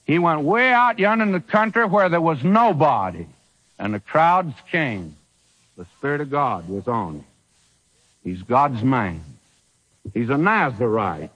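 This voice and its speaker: A man's voice: medium pitch, expressive, a little slow, a bit bright. A man preaching a sermon, emphatic and full of rhetorical questions.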